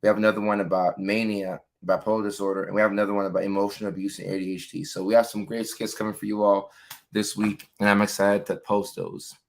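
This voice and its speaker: A man's voice: lowish voice, level tone, quick pace. A man hosting a casual livestream, upbeat, greeting viewers by name and reading their comments aloud. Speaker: livestream host. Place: home setup, lives in California.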